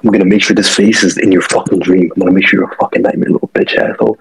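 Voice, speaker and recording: A man's voice: deep voice, steady tone, rapid-fire, vocal fry, few pauses, breathy edge, poor audio. A man on a video call hurling aggressive, profane threats at a rival. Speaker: streamer and fighter. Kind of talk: trash-talking video call.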